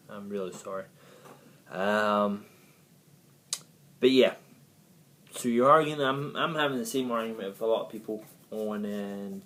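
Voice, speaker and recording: A man's voice: fairly low pitch, fairly bright tone, a little hiss or hum, low-quality recording. A man hosting his own football fan channel, rambling on casually with lots of self-corrections. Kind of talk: casual rambling video commentary.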